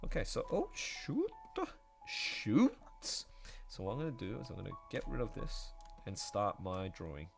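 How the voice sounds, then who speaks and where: Casual guy chatting while he draws on stream, lively voice, quiet music in back. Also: fairly low pitch, normal speed, vocal fry. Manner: rambling and chatty, full of fillers and asides. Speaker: artist streaming while drawing. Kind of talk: casual chat on a livestream.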